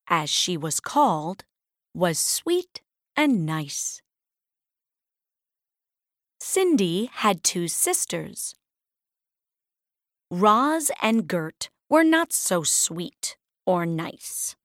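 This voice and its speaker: A woman reading a children's fairy tale aloud, clearly and deliberately. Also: lowish voice, sing-song, no echo, clean studio sound. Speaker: storybook reader. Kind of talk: slow read-aloud storybook narration.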